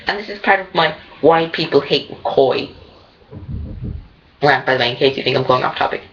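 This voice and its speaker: A woman's voice: very deep voice, normal speed, fairly bright tone. A woman ranting in a casual, digressive monologue as a fan commentator. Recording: dull lo-fi recording.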